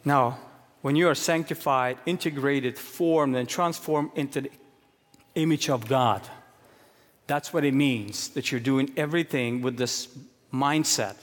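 A man preaching a sermon in earnest, moving between hushed low stretches and raised, emphatic questions. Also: measured pace. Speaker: pastor. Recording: long hall reverb.

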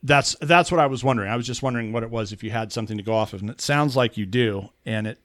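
Male co-host, mid-pitched, rambling and self-correcting, dry close mic. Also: fast talker, a bit bright, no echo. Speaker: podcast co-host. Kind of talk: casual chat.

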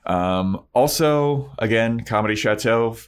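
A man's voice: medium pitch, unhurried, clear, resonant tone. A man co-hosting a podcast, casually recapping a TV episode, loose and jokey, swearing now and then. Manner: loose, swearing, acts out characters in silly voices. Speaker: podcast co-host.

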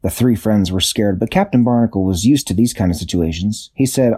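A man improvising a children's bedtime story, unhurried, searching for words and correcting himself. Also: lowish voice, dark tone, breathy edge.

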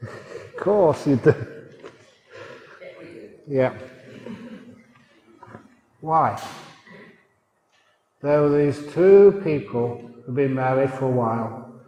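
A man's voice: on the high side, dark tone. A man giving a humorous sermon as a monk teacher, joking, chuckling and asking his audience questions. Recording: roomy hall reverb.

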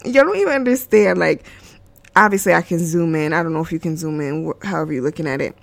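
A woman's voice: low voice, fairly even intonation, fast talker, no room sound. A woman hosting her own podcast, chatting casually on her own while tearful and laughing between words, with many fillers. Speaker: podcast host. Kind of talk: casual solo chat.

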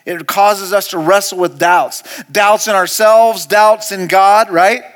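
A male pastor preaching a sermon. He speaks straight to the congregation, moving from hushed, slow lines to loud, repeated commands. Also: high voice, fairly even intonation. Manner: speaks to the congregation directly, asking questions and calling out to them.

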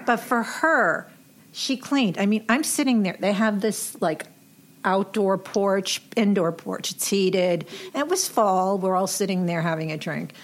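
A woman's voice: mid-range voice, unhurried. Woman interviewer, chatty and gushing, laughs a lot. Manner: chatty and effusive, laughs often. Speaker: host. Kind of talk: casual interview chat.

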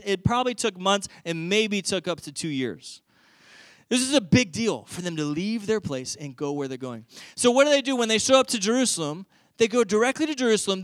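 A man preaching a sermon, retelling a story in a lively, conversational way. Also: high voice, dry recording. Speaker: pastor.

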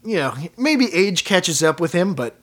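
A woman hosts a casual podcast and tells a story with plenty of laughter along the way. Her pitch swoops up and down as she talks. She keeps the tone chatty and relaxed. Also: a little slow. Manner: laughs often while telling the story. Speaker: podcast host.

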